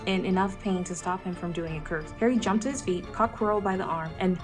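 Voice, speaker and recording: A young woman vlogger reading a novel aloud, expressive and easily spooked, breaking off to react. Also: lowish voice, brisk, music in the background.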